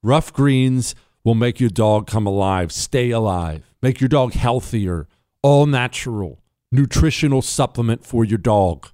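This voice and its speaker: A man's voice: medium pitch, animated, a little slow, mellow, no echo, clean studio sound. A man hosting a political commentary show, talking in an opinionated, sarcastic monologue with mocking asides to his producer.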